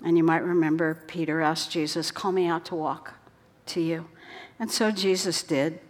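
Woman, preacher, earnest sermon, lower pitch, reverberant hall. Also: fairly even intonation, moderate pace. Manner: earnest, dropping to soft whispered quotes.

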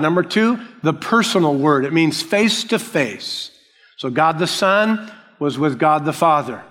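A male pastor preaching a sermon, slow and emphatic, repeating key phrases. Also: a little high, fairly bright tone, big-room sound.

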